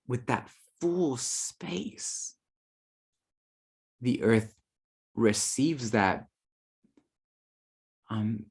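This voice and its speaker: A man teaching about spirit guides in a loose, conversational way. He is playful and slangy and keeps slipping into quoted asides. His talk is full of fillers. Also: on the low side.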